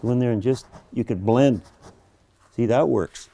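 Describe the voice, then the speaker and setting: Man, middle-aged, painting teacher, eager chatty demo, stumbling restarts, mellow tone. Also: mid-range voice, measured pace, vocal fry. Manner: enthusiastic, chatty, many restarts and repeated words. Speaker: painting instructor. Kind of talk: painting demonstration. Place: art studio.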